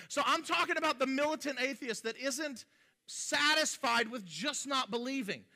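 A man's voice: very high voice, a little fast, pushed and bright. A male pastor preaching a sermon in a conversational way, with joking asides and frequent restarts.

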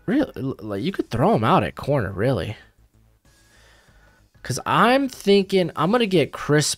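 Animated young man rambling through picks. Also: mid-range voice, dry recording. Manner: rambling, self-correcting, animated. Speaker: YouTube mock draft host. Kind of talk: casual live commentary.

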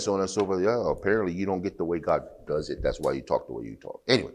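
A deep-voiced pastor preaches to his congregation as if chatting, speaking very fast with few pauses. Expressive throughout, he moves between low, loose asides and emphatic bursts of preaching.

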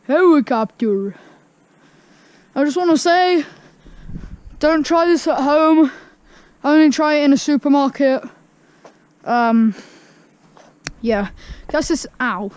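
A woman's voice: high voice, slow, long pauses, a little mellow, no room sound. A woman vlogging in a garden, chatting in a casual, self-mocking way and humming silly tunes. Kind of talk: casual vlog commentary. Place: outdoor garden.

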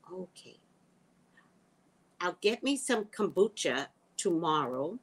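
Husky slow-talking woman chatting live. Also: fairly low pitch, sing-song, rough recording. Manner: chatty, reacts aloud to comments, drops into whispers. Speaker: livestream host reading viewer comments. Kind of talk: casual live chat.

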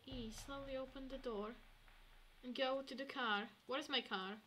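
Woman streamer, bright tone, slow unhurried delivery, chatty play-by-play, faint hiss behind. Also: high voice. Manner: chatty, talks to herself, swings from hushed to excited. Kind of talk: casual gameplay commentary.

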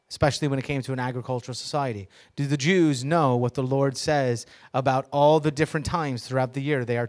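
A man preaching a sermon to a congregation, reading scripture with emphasis and teaching by asking the audience questions, with joking asides. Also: mid-range voice. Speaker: pastor.

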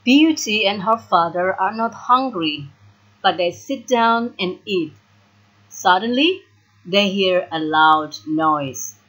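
A woman reads a storybook at an unhurried, deliberate pace. Her voice has a soft, breathy edge and swings widely in pitch as she moves through the characters' lines. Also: poor audio. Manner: slow, careful reading with lively pitch on dialogue. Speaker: storybook reader. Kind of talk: slow graded-reader narration.

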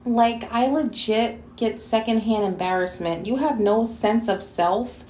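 A woman from New York City tears into someone in a sassy, cutting rant for her vlog. Her voice sits a little high and rings around an echoey room. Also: a little slow, darkish tone, a little hiss or hum. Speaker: YouTube commentator. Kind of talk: response video rant.

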